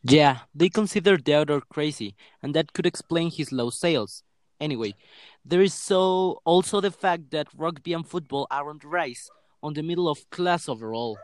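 A male co-host reading a scripted podcast in a plain way. His voice sits slightly high. The recording is dry and close. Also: moderate pace, no echo.

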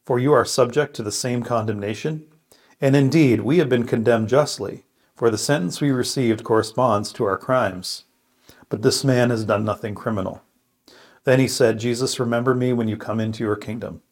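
A man praying, reading scripture aloud and reflecting in an earnest, thoughtful way. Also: mid-range voice. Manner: earnest, thoughtful, with pauses and restarts. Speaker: co-host of a scripture podcast.

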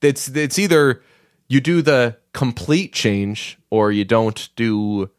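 A man's voice: mid-range voice, fairly even intonation, slow pace, smooth, no echo, studio quality. A man co-hosting a podcast, chatting casually about movies, rambling with many restarts and fillers. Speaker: podcast co-host.

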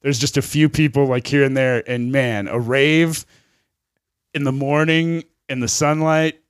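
A man's voice: medium pitch, fairly even intonation, a little slow, smooth, no room sound, studio quality. Rambling, swearing man telling a story. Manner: rambling, swears a lot, laughs mid-story. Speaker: podcast co-host. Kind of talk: casual storytelling chat.

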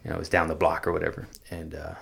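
A man from California, earnestly recounting his own hard childhood as an interview guest, halting and restarting often. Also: extremely low pitch, monotone, vocal fry, fairly bright tone, husky. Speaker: guest sharing his life story. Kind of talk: personal storytelling in an interview.

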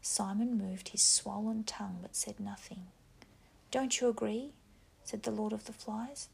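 Woman, whispered reading, gravelly, breathy, hushed and measured. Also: mid-range voice, fairly even intonation. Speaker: narrator.

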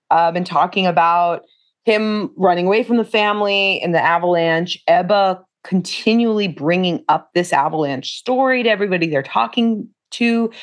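A young woman talks through a film with a co-host, her voice sitting a little low. She retells scenes in a chatty, animated way and acts out bits of dialogue as she goes. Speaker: podcast co-host. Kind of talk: casual film discussion.

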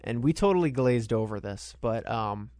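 A man's voice: mid-range voice, lively intonation, moderate pace, a little mellow, no echo, studio quality. A man co-hosting a podcast, casually recapping a film scene by scene and often restarting his sentences. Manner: rambling retelling with frequent restarts. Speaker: podcast co-host. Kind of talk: casual movie recap chat.

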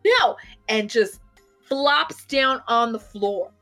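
Animated woman telling a funny story. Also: a little high, normal speed, faint music behind. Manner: animated, laughs often, acts out quoted people. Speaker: podcast co-host telling a convention story. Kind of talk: casual storytelling chat.

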